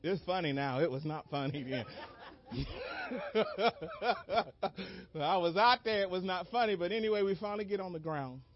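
Guy preaching, tells it like a story, yells out bits and cracks up, fairly high voice, dull dry lo-fi audio. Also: normal speed, long pauses. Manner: animated, comic reenactments with sudden shouted cries and laughter. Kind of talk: sermon storytelling.

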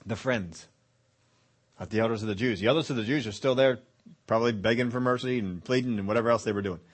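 A man's voice: mid-range voice, quick pace, slightly rough. A pastor delivers a sermon in a mid-range voice. He retells the story conversationally, slipping into the voices of the people in it as he goes. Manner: storytelling preacher, acting out the centurion's words.

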